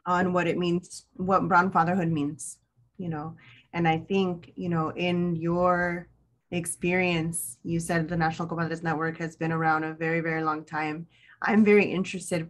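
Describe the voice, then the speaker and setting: A woman interviewer speaks in a low voice with a fairly flat pitch. She phrases her questions slowly and with care, searching for the words and often saying "you know". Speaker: interviewer, host of the series.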